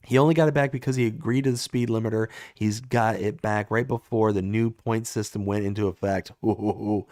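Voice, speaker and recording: A man hosting a casual live gaming stream, telling stories with animated reactions and answering viewer chat. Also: fairly low pitch, normal speed.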